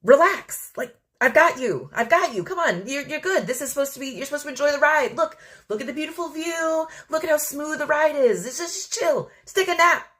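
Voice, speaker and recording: A woman's voice: sits high, expressive, a little fast, few pauses, a bit bright, voice pushed up. The universe itself, raised and airy, coaxes a worrier to lie back and enjoy the ride, as a woman puts it on in a podcast. It sounds easygoing and reassuring rather than grand. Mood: soothing. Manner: coaxing, laid-back, reassuring.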